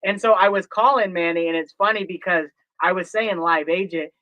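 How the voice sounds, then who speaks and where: A man's voice: high-pitched, a little fast, no room sound, muffled recording. A man chatting casually on a stream, telling stories with animation and acting out his phone calls. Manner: animated storyteller, acts out phone calls, laughs easily. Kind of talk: casual chat.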